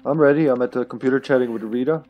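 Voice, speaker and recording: A man chatting casually while playing a co-op game on stream, quick and prone to swearing when flustered. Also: mid-range voice, highs cut off, soft background music. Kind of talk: casual gaming chat.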